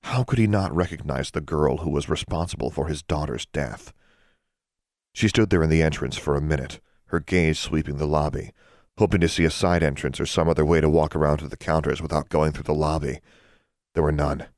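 Very deep-voiced male narrator. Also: steady tone, fairly quick, a little mellow, no echo, clean studio sound. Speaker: audiobook narrator. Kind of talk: scripted narration.

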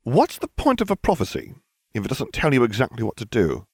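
A man's voice: medium pitch, huge pitch swings, a little fast, breathy edge, no echo, pitched above the performer's own voice, exaggerated voice. A man playing a sarcastic teen boy wizard. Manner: dry, teasing sarcasm. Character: sarcastic teenage boy wizard, dry and deadpan.

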